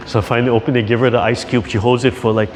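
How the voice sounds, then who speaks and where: A man's voice: mid-range voice, slight background noise. An older man, a tai chi instructor telling laughing, easygoing stories between exercises over a video call. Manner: laughing, easygoing, tags lines with "yeah?" and "right?". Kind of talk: chatty storytelling between exercises.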